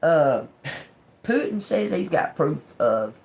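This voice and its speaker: A woman's voice: a bass voice, very animated, unhurried, vocal fry, darkish tone. A woman hosting a casual livestream as a tarot reader, rambling emphatically and talking straight to her viewers. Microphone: phone or webcam livestream.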